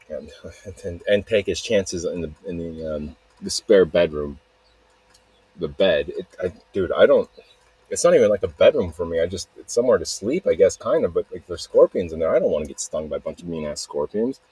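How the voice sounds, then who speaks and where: A man's voice: low-pitched, lively intonation, a little fast, dark tone, breathy edge, dry recording, poor audio. A man hosting a solo podcast, rambling and swearing, often cutting himself off mid-sentence, recorded outdoors. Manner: rambling, profane, self-interrupting. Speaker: podcast host.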